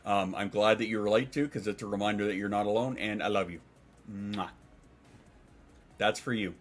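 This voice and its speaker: Rambling, low-voiced man streaming. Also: steady tone, normal speed, long pauses. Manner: rambling and profane, with frequent restarts. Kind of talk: casual livestream chat, reading chat aloud.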